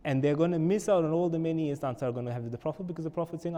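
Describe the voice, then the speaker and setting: A man giving a storytelling religious lecture in a mosque, retelling events in an animated way and reading quoted speeches aloud. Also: on the high side, very fast. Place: mosque prayer hall. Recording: very echoey hall, speaker far from mic, audible noise.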